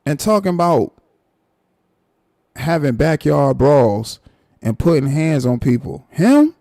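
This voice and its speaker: A man hosting a live stream, ranting in a mocking, animated way and repeating his points. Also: fairly high pitch, takes it slowly, vocal fry, no room sound, clean studio sound. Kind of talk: casual commentary rant.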